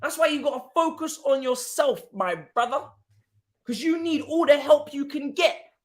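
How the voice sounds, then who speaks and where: A young man hosting a football watchalong live stream, mocking a rival club in casual banter that jumps between low mutters and loud outbursts. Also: moderate pace. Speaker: livestream football watchalong host.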